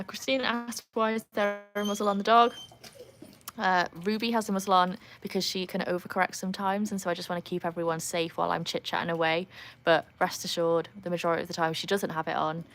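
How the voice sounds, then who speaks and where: This woman's lowish, somewhat bright voice carries a Welsh accent from North Wales. Hosting a casual phone livestream by her backyard pool, she laughs frequently and chats with her dogs.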